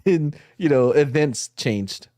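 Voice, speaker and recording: A man's voice: on the high side, expressive, takes it slowly, dark tone, dry recording, studio quality. A man co-hosting a podcast, playful and joking, often trying out silly accents. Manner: playful, keeps slipping into silly put-on accents. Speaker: podcast co-host. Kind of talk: casual chat.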